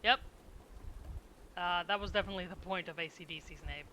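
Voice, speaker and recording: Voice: medium pitch, fairly quick, pushed and bright, a little hiss or hum, poor audio. A streamer chatting casually with their audience while drawing emotes, rambling and chuckling often.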